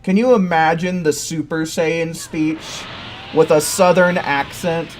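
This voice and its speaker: A man's voice: fairly high pitch, fairly even intonation, takes it slowly, soft background music. A man giving casual, rambling commentary while playing a video game, with occasional swearing outbursts. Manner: chatty, rambling, profane outbursts. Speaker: gaming streamer.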